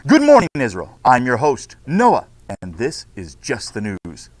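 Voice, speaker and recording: A man's voice: mid-range voice, huge pitch swings, measured pace, dry recording, voice pushed down. A man voicing a male news anchor, speaking in a formal announcer manner.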